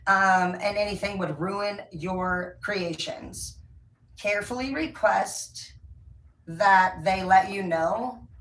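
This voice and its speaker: A woman's voice: mid-range voice, a bit bright. A woman giving a casual tarot reading, talking in a blunt, rambling and emphatic way. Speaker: tarot reader. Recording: roomy, distant from the mic, faint ambience.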